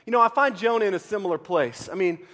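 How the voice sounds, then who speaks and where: A middle-aged pastor from Central Texas telling a self-deprecating story in a sermon, animated with frequent restarts. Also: male voice, high-pitched, quick pace. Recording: long reverb of a large hall.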